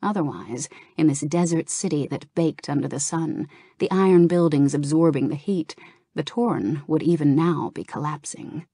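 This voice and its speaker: A woman narrating a fantasy novel aloud in a calm, steady reading voice. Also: deep voice, moderate pace, breathy edge, no echo, clean studio sound. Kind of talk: audiobook narration of a game novel.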